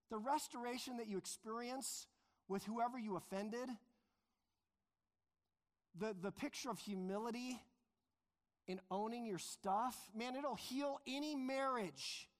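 A man preaching a sermon as pastor, earnest and emphatic, slowing down to stress key phrases. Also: very high voice. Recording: long reverb of a large hall.

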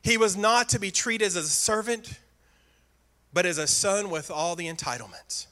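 A man's voice: high-pitched, normal speed, bright, forceful tone. A male pastor preaching a sermon earnestly, stressing points through repeated phrases.

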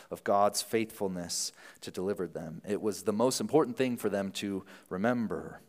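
A man preaching a sermon in a casual, animated style, often restarting his sentences. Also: deep voice, in a large hall. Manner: conversational, animated, self-interrupting. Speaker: pastor. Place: church sanctuary.

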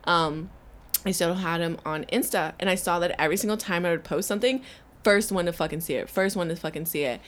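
A woman's voice: fairly low pitch, brisk. A young woman co-hosting a podcast, telling a story in a profane, rambling way full of fillers. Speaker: podcast co-host. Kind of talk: casual chat, storytelling.

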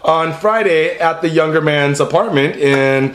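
A man's voice: fairly high pitch, unhurried. A man co-hosting a podcast, chatting crudely and joking, reading news stories aloud and laughing often. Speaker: podcast co-host. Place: room in Tokyo. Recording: echoey room.

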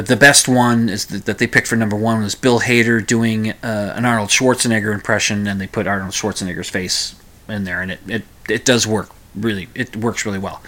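A man's voice: medium pitch, a bit bright. A man hosting his own talk radio show, chatting alone in a rambling way with many restarts. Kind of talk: casual solo podcast monologue.

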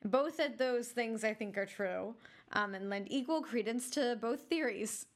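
A woman's voice: fairly high pitch, measured pace. A woman co-hosting a casual podcast chat, playful and jokey and laughing often. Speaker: podcast co-host.

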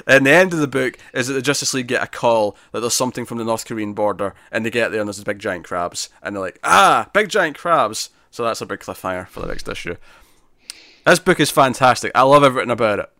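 A man's voice: medium pitch, fast talker, sharp tone, no echo. Rambling man on a dry mic. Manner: rambling, lots of fillers and restarts. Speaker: podcast co-host reviewing comics. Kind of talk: casual chat.

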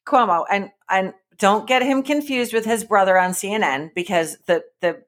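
A woman's voice: mid-range voice, moderate pace. A woman co-hosting a casual political podcast, trading sarcastic, profane banter. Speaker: podcast co-host.

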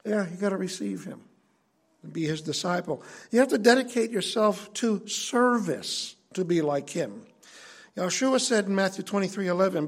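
A man's voice: high voice, animated, moderate pace. A male preacher giving an earnest sermon that explains scripture in a conversational way.

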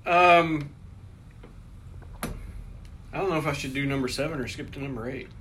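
A man with a slightly high, bright, forceful voice co-hosts a casual podcast, reading out trivia questions and answer options at a moderate pace. He's hesitant, restarting often and laughing frequently.

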